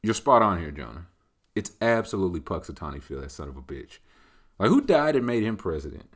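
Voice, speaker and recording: A man with a lowish voice hosts a laid-back solo show, rambling through listener questions. He drifts between thoughts and leans on conversational tags as he talks it out. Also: sing-song, brisk. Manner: loose, rambling, conversational, leaning on filler tags. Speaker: host. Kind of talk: casual solo Q&A chat.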